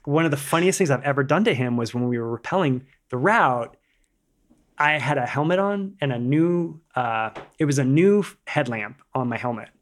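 A man's voice: mid-range voice, lively intonation, normal speed. A man who is a rock climber and podcast guest, telling stories in loose casual chat, swearing freely, laughing as he goes, and stringing phrases together with "like.". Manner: loose, rambling phrasing full of "like".

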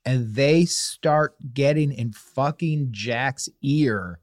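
A man co-hosting a casual comedy advice podcast, playful and animated. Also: mid-range voice, extremely slow, dry recording, clean studio sound. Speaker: podcast co-host.

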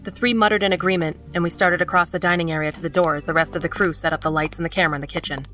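Casting: woman narrator, lower register, steady tense horror read over soft music. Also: recorded from a distance. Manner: measured, tense storytelling. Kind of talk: scripted first-person narration.

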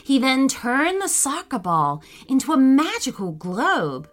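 A woman narrating a children's story in a slow, expressive read-aloud manner. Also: high voice, soft background music.

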